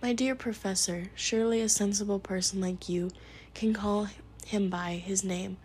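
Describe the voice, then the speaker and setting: A woman reading in a soft whisper, voicing a kindly old male wizard who speaks gently and with mild teasing, in whispered role-play. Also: medium pitch, steady tone, moderate pace, slight background noise, lightly acted. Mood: gentle.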